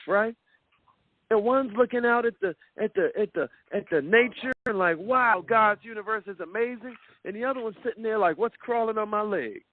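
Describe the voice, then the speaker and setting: A man's voice: high-pitched, no echo. A man giving a motivational talk in a preacher-like way, repeating words and acting out the voices he quotes. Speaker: motivational speaker. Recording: dry tinny phone-like sound.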